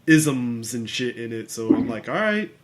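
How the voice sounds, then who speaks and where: A man's voice: medium pitch, measured pace, a crowd in the background. Laid-back man chatting about movies. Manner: laid-back, laughs often, swears casually. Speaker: podcast co-host. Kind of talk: casual chat.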